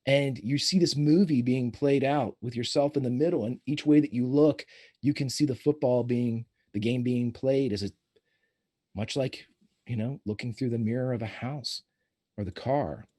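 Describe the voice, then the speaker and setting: A man running a tabletop role-playing game, describing scenes in a halting, descriptive way. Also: mid-range voice, mellow. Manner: descriptive, halting narration with restarts. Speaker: game master.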